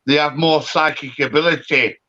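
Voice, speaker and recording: A man talks loudly and excitably as a caller on a live stream, swearing as he goes. His voice sits fairly high and comes across bright and pushy. The audio is dull and lo-fi, like a stream call. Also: moderate pace. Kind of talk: rambling casual chat.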